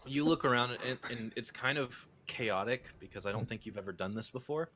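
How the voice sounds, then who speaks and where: A man's voice: mid-range voice, brisk, pushed and bright, a little hiss or hum. A young man narrating a tabletop game as game master, rambling with many fillers and restarts.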